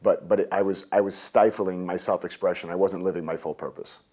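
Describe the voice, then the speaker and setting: A man in his thirties, a guest telling a story in an interview, lively and jokey, acting out his own past rants. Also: low voice, a little fast.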